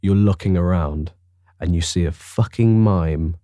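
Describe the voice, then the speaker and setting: A young man, telling a story in a casual podcast chat, excitable and swearing freely. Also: low-pitched, measured pace, no echo, clean studio sound. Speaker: podcast co-host.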